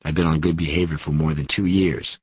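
Male narrator, extremely low and husky, measured wry delivery, dry and slightly dull audiobook sound. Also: fairly even intonation, dry recording. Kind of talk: first-person scripted narration of a crime novel.

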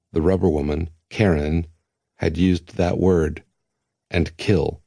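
A man reading an audiobook in a steady, measured narration. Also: low voice, gravelly, no room sound, studio quality. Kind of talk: scripted narration.

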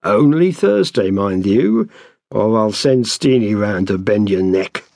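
A man's voice: fairly low pitch, lively intonation, slow, gravelly, darkish tone, no room sound, studio quality, exaggerated voice. A man voicing a scheming older male landlord who haggles with wry, wheedling talk. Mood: sly.

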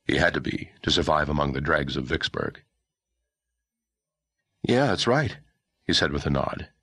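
A man narrating a historical novel audiobook in a measured, expressive storytelling manner. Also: rumbling low, breathy edge, dry recording. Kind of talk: scripted narration.

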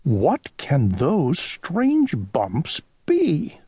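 A man voicing a fussy, kindly little male owl in a children's audiobook, in a high, excitable, sing-song voice. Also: very slow, husky, dry recording, studio quality, exaggerated voice. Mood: worried.

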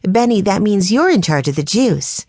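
A woman's voice: medium pitch, very animated, moderate pace, darkish tone, no room sound, voice pushed up. A woman narrator voicing a practical, organizing older sister in a children's audiobook.

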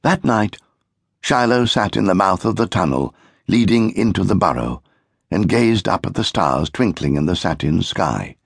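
Deep gravelly male storyteller. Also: normal speed, dry recording, clean studio sound. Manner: storytelling, expressive. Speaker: audiobook narrator. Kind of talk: scripted narration of a children's book.

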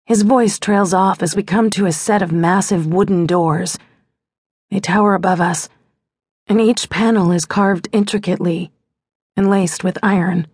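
A woman's voice: medium pitch, fairly even intonation, moderate pace, a little mellow, slightly rough, no room sound. A woman narrating a first-person romance audiobook in a wry, intimate storytelling manner on a close studio mic.

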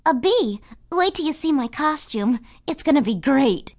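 A woman's voice: high-pitched, sing-song, normal speed, voice pushed up. Woman doing a chirpy, cheerful young girl. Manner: bright, chirpy and upbeat. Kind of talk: audiobook character voice.

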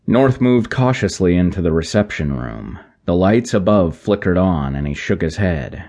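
Deep-voiced man narrating a sci-fi audiobook. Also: big pitch swings, normal speed, darkish tone. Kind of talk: scripted narration.

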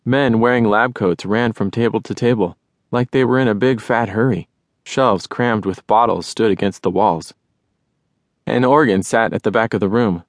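Low-voiced man narrating a children's book. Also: normal speed, dry recording. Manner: lively first-person storytelling. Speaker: audiobook narrator.

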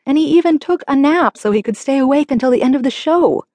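A woman's voice: sits high, animated, quick pace, mellow, no room sound, pitched above the performer's own voice. A woman narrator voicing a stern, scolding middle-aged father in an audiobook. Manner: firm, scolding. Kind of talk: audiobook character voice.

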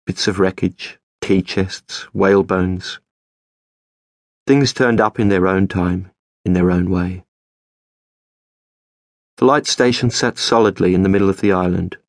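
A man narrating a novel as an audiobook, in a measured, steady storytelling manner. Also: low voice, dry recording, studio quality. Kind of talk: scripted narration.

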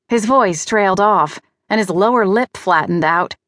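A woman's voice: mid-range voice, measured pace, fairly bright tone, no room sound, studio quality. Woman narrating an audiobook, wry. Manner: wry, conversational. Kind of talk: first-person scripted narration.

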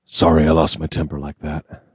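A man voicing a grim, brooding male federal agent in an audiobook, gruff and clipped. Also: very deep voice, completely flat delivery, normal speed, no room sound, studio quality, exaggerated voice. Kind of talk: audiobook character reading.

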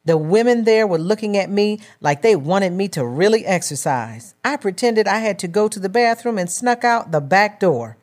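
A woman's voice: medium pitch, animated, moderate pace, hardly any pauses, darkish tone, voice pushed up, lightly acted. A woman narrator voicing a plain-spoken, teasing church-going sister with a sassy, folksy manner. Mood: joking.

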